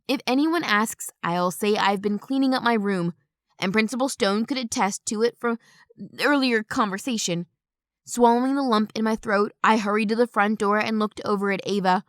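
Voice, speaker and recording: Close-miked in a studio with a dry sound, a mid-range female voice delivers first-person audiobook narration. Her reading is quick and full of expression.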